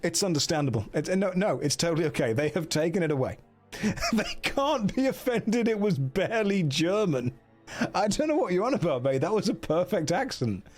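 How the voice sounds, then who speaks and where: This is an English man chatting casually on a stream. His jokes roll out in a fairly high voice. A faint wash of music sits behind him. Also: sing-song, normal speed. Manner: jokey banter, laughs often.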